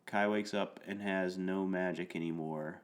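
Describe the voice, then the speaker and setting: A man co-hosting a podcast, recapping a TV episode in a slow, halting way with lots of fillers. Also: sits low, steady tone. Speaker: podcast co-host. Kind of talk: casual chat recapping a TV episode.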